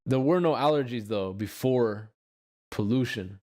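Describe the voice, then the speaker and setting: A man's voice: mid-range voice, measured pace, dark tone. A young man hosting a casual podcast, talking in a loose, rambling way full of fillers and swearing. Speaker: podcast host.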